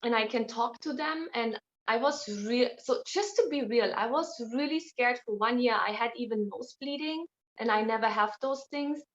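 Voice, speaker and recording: A woman speaking as an interview guest, blunt and outspoken in casual conversation. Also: a little high. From Germany. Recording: dull lo-fi sound.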